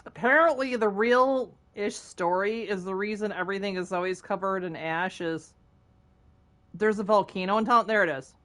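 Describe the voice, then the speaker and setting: While gaming, this woman talks casually with her viewers, laughing in frequent giggles and teasing them. Her voice is mid-range and a bit bright, and she speaks at a normal speed.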